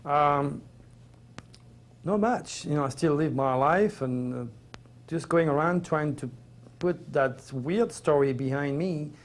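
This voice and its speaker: This interview guest, a middle-aged native French speaker from Provence with a French accent, talks slowly in a fairly high voice. His personal story comes out earnest, emotional and rambling.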